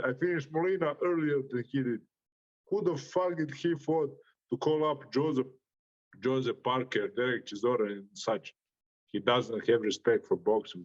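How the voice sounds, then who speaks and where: Man, Croatian accent, boxer, brash cursing trash talk, laughs a lot, dull lo-fi sound. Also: mid-range voice. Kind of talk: interview reaction.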